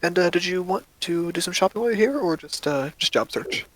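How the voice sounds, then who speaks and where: A man voicing a nervous young female shop employee, hurried and apologetic. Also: fairly low pitch, animated, dry recording, voice pushed up. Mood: friendly.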